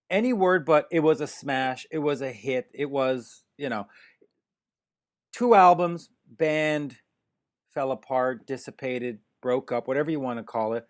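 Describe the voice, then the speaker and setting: A man's voice: mid-range voice, unhurried. A man hosting a casual interview, asking chatty questions and cracking jokes. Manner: jokey, chatty questions with many restarts. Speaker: podcast host interviewer.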